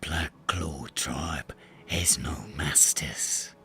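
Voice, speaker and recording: A game master voicing a terse, proud male tribal warrior in a tabletop role-play, with a growling, whispered rasp and a South African accent. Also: rumbling low, very slow, pushed and bright, slight background noise, voice pushed down, exaggerated voice. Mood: gruff, dismissive.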